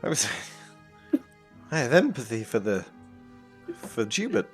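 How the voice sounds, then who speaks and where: A man chats through a tabletop game with a lively, swooping voice. He sounds playful and a bit tentative, and faint music sits underneath. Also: medium pitch, slow pace. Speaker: player. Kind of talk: casual chat in a tabletop game.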